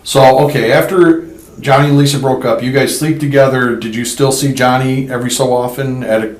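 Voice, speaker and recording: A man's voice: medium pitch, steady tone, a little fast. A man questioning a witness as a police detective, with blunt, probing questions. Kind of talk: interrogation interview. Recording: echoey interview room tape.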